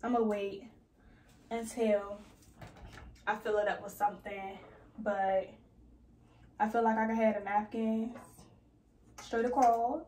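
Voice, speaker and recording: A young woman in her twenties chatting casually in a slangy, animated way while organizing her bathroom. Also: takes it slowly, pauses often, roomy sound, slight background noise. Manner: chatty, slangy, animated with sudden high squeals. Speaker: lifestyle vlogger. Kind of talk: casual organizing vlog chat. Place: bathroom at home.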